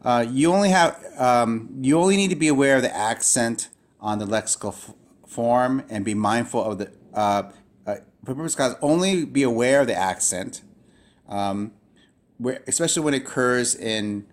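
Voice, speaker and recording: A man teaching a recorded language lesson, speaking haltingly with many fillers and restarts. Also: mid-range voice, expressive. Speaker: Greek teacher. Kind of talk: recorded lecture.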